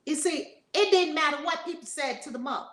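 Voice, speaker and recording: A woman spiritual teacher telling a story in an animated, conversational way. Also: sits high, a little fast, roomy sound. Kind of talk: storytelling lesson.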